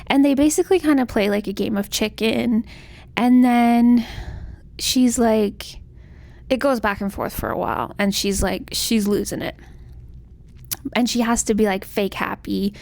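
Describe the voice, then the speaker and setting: A woman's voice: a little high, normal speed, a little mellow, no echo. A young woman casually recapping a novel's plot, chatty and full of "like", acting out the characters' lines. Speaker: book vlogger.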